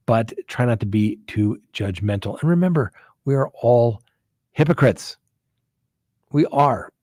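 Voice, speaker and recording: Male host, defense attorney type, easygoing and folksy, slightly husky delivery, dry close recording. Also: fairly low pitch, darkish tone, no echo. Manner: conversational, folksy, frequent "right?" asides. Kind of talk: casual live-stream talk.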